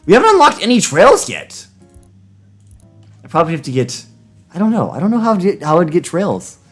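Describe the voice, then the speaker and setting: Male streamer, excitable live commentary, wildly swinging voice, faint game music behind. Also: sits high, a little fast. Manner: excitable, loud reactions. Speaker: streamer playing a text adventure.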